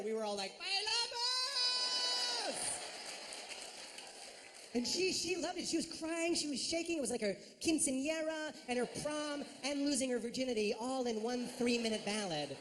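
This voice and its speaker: Animated female stand-up comic, noisy room. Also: high-pitched, quick pace, few pauses. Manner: animated storytelling with acted-out voices. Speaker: stand-up comedian. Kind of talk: stand-up comedy set.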